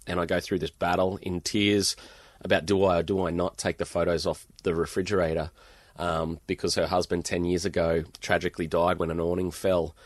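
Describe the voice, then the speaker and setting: A middle-aged Australian man with a very low voice tells rambling, animated stories as a podcast guest. The recording is dry and close, with no room sound. He talks in easygoing slang. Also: no room sound. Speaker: guest author. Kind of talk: storytelling in a podcast interview.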